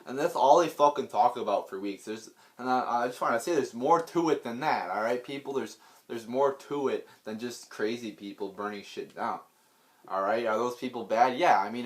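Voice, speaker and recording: A man delivering an unscripted political rant, blunt and profane, rambling with many restarts and repeated words. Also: medium pitch. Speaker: political vlogger.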